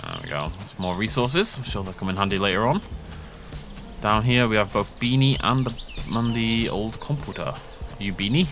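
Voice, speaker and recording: A man's voice: lowish voice, animated, moderate pace, noisy background. A man giving casual gameplay commentary, joking and poking fun at himself. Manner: joking, self-mocking. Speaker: let's play gamer.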